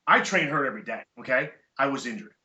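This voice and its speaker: A middle-aged man, a podcast guest, telling stories in casual chat, animated and emphatic with blunt profanity. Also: mid-range voice, quick pace. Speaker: podcast guest, chiropractor and jiu-jitsu black belt. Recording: echoey room, dull lo-fi sound.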